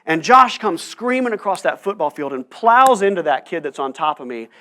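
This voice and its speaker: In church, a pastor of about forty preaches through stories, checking in with his listeners with frequent "right?" asides. His high voice is pushed and bright, with a sing-song lilt at normal speed.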